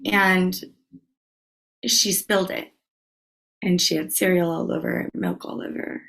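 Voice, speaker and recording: A woman's voice: lowish voice, steady tone, slow, gravelly, fairly bright tone, low-quality recording. A woman from Louisiana hosting a podcast, chatting casually and telling stories with plenty of fillers. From Louisiana, USA. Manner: chatty storyteller, many fillers. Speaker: podcast host. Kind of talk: casual chat.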